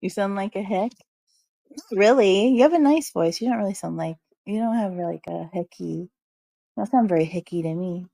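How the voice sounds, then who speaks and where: A woman's voice: mid-range voice, normal speed, vocal fry, dark tone, no echo, low-quality recording. A woman streaming from home, chatting casually with her viewers and answering chat messages in a rambling way full of "like" and "um". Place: at home, snowed in.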